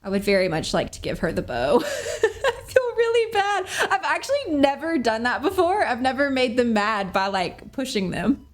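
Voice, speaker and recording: A woman's voice: fairly high pitch, sing-song, moderate pace, hardly any pauses. A young woman streaming a cozy game, chatting casually, bubbly and giggly, often apologizing to her characters. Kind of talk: casual gameplay chat.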